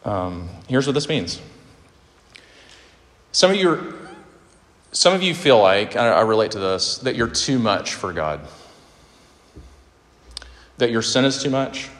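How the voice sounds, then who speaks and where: A man's voice: mid-range voice, big pitch swings, unhurried, pauses often, fairly bright tone. A man preaching a sermon in an earnest, conversational way, with fillers and restarts. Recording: hall reverb with faint ambience.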